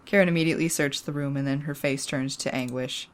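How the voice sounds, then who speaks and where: A woman's voice: extremely low pitch, steady tone, fast talker. A woman hosting a let's play, narrating game text aloud in a chatty, giggly way. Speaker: host.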